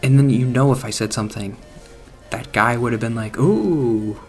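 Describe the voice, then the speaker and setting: A man in a mid-pitched, ordinary voice rambles through a gaming commentary, trailing off mid-thought and laughing at his own awkwardness. Soft game music sits faintly behind him. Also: steady tone, a little fast. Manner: awkward, self-deprecating, laughs at himself. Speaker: gaming channel host. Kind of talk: rambling casual commentary over gameplay.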